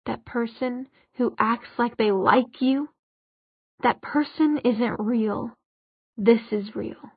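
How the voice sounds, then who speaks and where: Cold bitter young man, read by a woman, husky and measured, dull lo-fi audio. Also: on the high side, fairly even intonation. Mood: cold, hateful.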